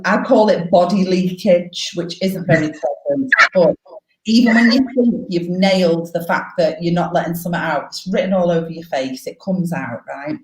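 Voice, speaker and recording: A woman's voice: lowish voice, normal speed. Frank life coach woman, echoey room. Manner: frank, animated, swears freely. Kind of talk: live coaching Q&A.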